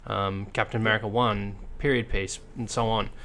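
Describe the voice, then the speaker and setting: A man's voice: fairly low pitch, little pitch movement, normal speed, sharp tone. A man co-hosting a podcast in casual chat, blunt and sarcastic, rambling with lots of fillers and restarts. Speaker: podcast co-host.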